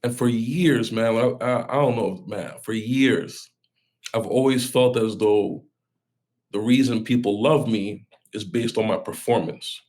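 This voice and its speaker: A man's voice: mid-range voice, a little slow, a little mellow. A man, a pastor, sharing a personal story as a podcast guest in an earnest, heartfelt way, talking in run-on bursts with many restarts.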